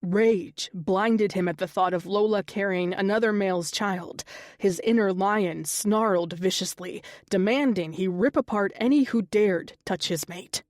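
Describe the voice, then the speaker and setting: A woman narrating an audiobook romance in a steady, even storytelling voice. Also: mid-range voice, a little slow, no echo, studio quality. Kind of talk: scripted narration.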